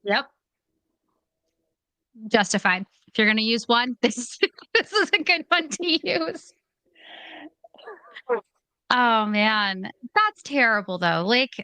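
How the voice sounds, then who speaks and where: Brief: woman host, fairly high bright voice, expressive casual reactions, dry sound. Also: a little slow, long pauses, dry recording. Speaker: podcast host. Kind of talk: casual podcast chat.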